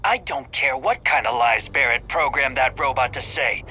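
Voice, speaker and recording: A man's voice: mid-range voice, lively intonation, moderate pace, pushed and bright, slightly rough. An actor playing a menacing male space pirate leader who taunts and sneers, in video game voice acting. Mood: taunting.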